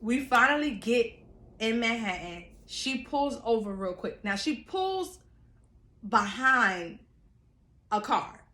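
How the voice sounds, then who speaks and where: A woman telling a personal story in a casual, animated, chatty way, laughing often, in an echoey room. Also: on the high side, slow pace. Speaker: storyteller vlogger.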